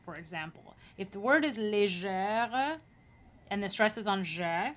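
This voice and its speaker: A woman voice teacher giving a masterclass, coaching a singer in an encouraging, lively way and demonstrating French phrases aloud. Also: medium pitch, a little slow.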